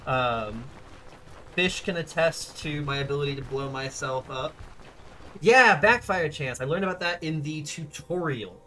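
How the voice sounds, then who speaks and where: A man's voice: a little high, lively intonation, measured pace, bright, forceful tone, slight background noise. A man streaming a game, chatting casually and rambling to his viewers as he plays. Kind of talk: casual gameplay commentary.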